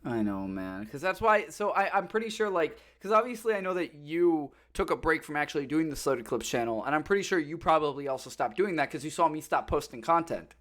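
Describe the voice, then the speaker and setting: Man on a casual podcast, animated storyteller, fairly high voice, very lively pitch. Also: a little fast, few pauses. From Florida. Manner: animated storytelling, swears often, acts out callers. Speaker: podcast host. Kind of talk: casual chat.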